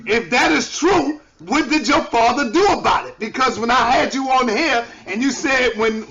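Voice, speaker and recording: A man hosting and moderating a debate, asking measured questions. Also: very high voice, bright, forceful tone. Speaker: host. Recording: lo-fi with crowd behind.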